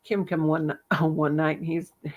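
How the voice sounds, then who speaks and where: A woman's voice: low-pitched, little pitch movement, a little slow, darkish tone, highs cut off. An older woman vlogger, chatty and salty, telling home stories with frequent laughter. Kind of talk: casual chat, storytelling.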